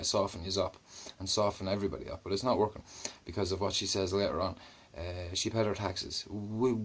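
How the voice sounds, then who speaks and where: Irish male commentator with a deep, husky voice and a sarcastic edge, cursing freely. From Ireland. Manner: blunt, sarcastic, swears freely. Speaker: YouTube commentator. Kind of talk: commentary on a played video.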